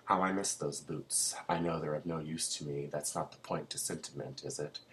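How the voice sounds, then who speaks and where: Very deep, flat-voiced man reading. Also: moderate pace, a little hiss or hum, rough recording. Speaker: reader. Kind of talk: literary reading aloud.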